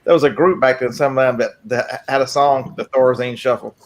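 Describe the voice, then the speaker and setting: A man's voice: mid-range voice, steady tone, fairly quick. A man hosting a casual group chat on a video call, joking and laughing often. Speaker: host of a live listing hangout.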